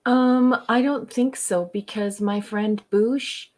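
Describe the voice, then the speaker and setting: A woman's voice: fairly high pitch, steady tone, slow pace, darkish tone. Hesitant, affectionate podcast co-host woman. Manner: affectionate, hesitant, many ums. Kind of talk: casual chat, cold reading a summary.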